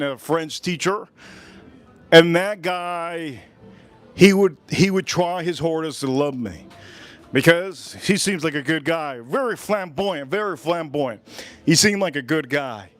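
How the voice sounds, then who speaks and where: A man from the United States in his forties, hosting a cooking livestream in casual chat, rambling and repeating himself as he restarts his sentences. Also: fairly high pitch.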